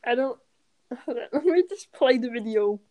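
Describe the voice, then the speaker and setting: A woman's voice: fairly high pitch, expressive, moderate pace, mellow. A woman co-hosting a casual podcast who laughs a lot and jokes about herself. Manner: laughing, self-deprecating, playful. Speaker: podcast co-host.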